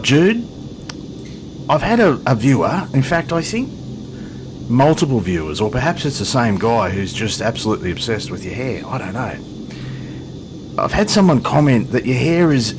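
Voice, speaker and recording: A man's voice: medium pitch, noisy background. A man hosting a flight simulator video, chatting casually with jokes and self-deprecating asides. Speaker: flight sim video host. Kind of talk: casual gameplay commentary.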